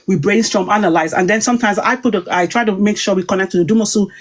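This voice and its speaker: A woman's voice: mid-range voice, quick pace. A woman giving a heated personal monologue on a live stream, emphatic and repetitive, restarting her sentences. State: upset.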